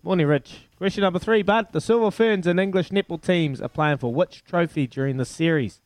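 A man's voice: sits high, fairly quick. A man with a New Zealand accent hosting a breakfast radio quiz, in jokey, matey banter. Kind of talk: casual breakfast radio chat.

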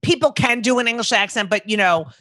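A woman's voice: on the high side, fast, sharp tone, dry recording. A middle-aged woman from New Jersey hosting a podcast interview, rambling and swearing casually, often breaking off mid-sentence. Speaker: podcast host.

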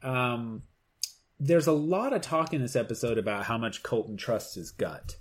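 A man's voice: mid-range voice, expressive, normal speed. A young man co-hosting a podcast in casual chat, tossing out puns and dry jokes. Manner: wisecracking, pun-loving, dry jokes. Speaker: podcast co-host. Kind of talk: casual chat recapping a reality TV episode.

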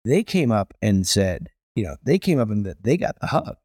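A middle-aged man tells stories in an interview, swinging his pitch up and down with big expressive energy. He jumps into voices for the people in his anecdotes. The sound is close and dry, with no room around it. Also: normal speed, husky, no echo. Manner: animated, acts out voices in stories. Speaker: chef and restaurateur guest. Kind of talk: storytelling interview.

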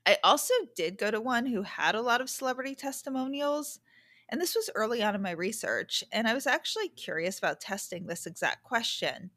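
A woman's voice: on the high side, lively intonation, fairly quick, a bit bright, no room sound. Female podcast host, conversational and frank, dry close recording. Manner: chatty, candid, self-correcting asides. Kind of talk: casual podcast monologue. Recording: dry close-mic sound.

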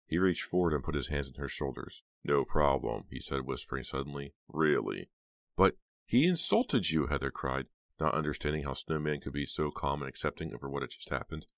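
A man narrating an audiobook in a steady, measured reading. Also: extremely low pitch, no echo.

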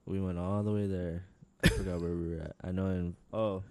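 A man co-hosting a podcast, telling a rambling story full of swearing and slang, laughing often, relaxed and high. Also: fairly quick, dry recording. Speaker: podcast co-host. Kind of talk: casual chat.

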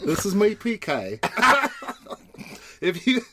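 A hammy put-on British accent, as a podcast host plays it up. The voice sits a little high for a man. It giggles its way through a silly gag over a faint background hiss. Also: very animated, takes it slowly, full character voice. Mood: playful.

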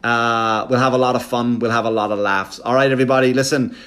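A man hosting his podcast as a comedian, telling a profane, animated story. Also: medium pitch, quick pace. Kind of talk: casual storytelling monologue.

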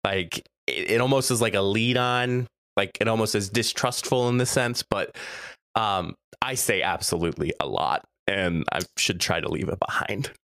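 A man's voice: fairly low pitch, moderate pace, no room sound, clean studio sound. A young man co-hosting a casual podcast, reading list entries aloud and reacting with frequent laughs. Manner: animated, laughs often, reads quotes with mock gravity. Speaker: podcast co-host.

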